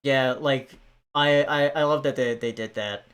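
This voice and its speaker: A man hosting a relaxed podcast in a middle-pitched voice. He talks hesitantly, pausing and restarting as he gathers his thoughts. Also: clear, resonant tone. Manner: hesitant, many ums and restarts. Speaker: podcast host. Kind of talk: casual chat.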